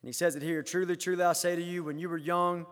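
A preacher with a high-pitched voice delivers a sermon at a quick pace with little pitch movement. He gets loud when quoting scripture and drops low and quiet for his own remarks. A long reverb carries his words, as though across a large church sanctuary.

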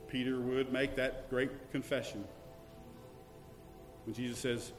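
A man preaching a sermon, swinging from loud declarations to hushed, searching questions. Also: mid-range voice, little pitch movement, slow pace, long pauses, soft background music. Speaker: pastor. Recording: echoey hall with long reverb.

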